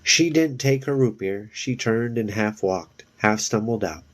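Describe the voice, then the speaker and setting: A man reads a novel aloud in a low voice. He takes it slowly, stumbling and restarting on words here and there. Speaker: reader.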